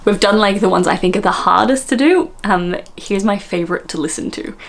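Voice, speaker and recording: A woman's voice: medium pitch, fairly quick. An Australian woman from Australia, chatting casually to camera as a vlogger, giggly and self-mocking. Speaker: vlogger host.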